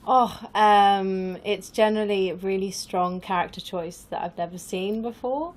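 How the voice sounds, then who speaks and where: A woman's voice: mid-range voice, steady tone, a little slow. A woman talking as a guest on an improv podcast, giggly and hesitant, with many fillers. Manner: giggly, laughs often. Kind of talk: casual interview chat.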